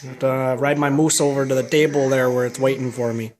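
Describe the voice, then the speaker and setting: A man's voice: medium pitch, fairly even intonation, quick pace, darkish tone, slight background noise, lightly acted. An easygoing, jokey Canadian stereotype that a man puts on in a broad, exaggerated Canadian accent. He hangs a lazy "eh" or "there" off the end of his sentences. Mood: joking. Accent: put-on exaggerated Canadian. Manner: tacks "eh" and "there" onto lines.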